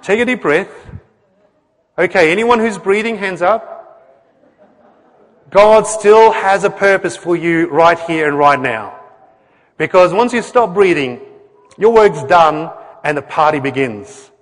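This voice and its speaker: A middle-aged man preaches in an earnest, conversational way, slipping into quoted voices and asking the congregation questions. His voice sits a little high for a man. The sound carries a long reverb tail from a church hall. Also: lively intonation, a little slow, pauses often. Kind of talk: sermon.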